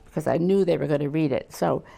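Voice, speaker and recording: An older woman with a low, gravelly voice and a dark, mellow tone. She is a novelist being interviewed, and she talks casually as an animated storyteller who acts out quoted voices. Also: fast talker. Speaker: novelist guest.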